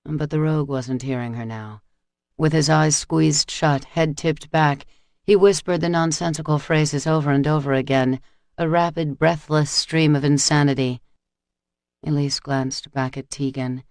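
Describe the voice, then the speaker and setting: Male audiobook narrator, gravelly, dry close-mic studio read. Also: fairly high pitch, fairly even intonation, unhurried, no room sound. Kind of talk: scripted narration.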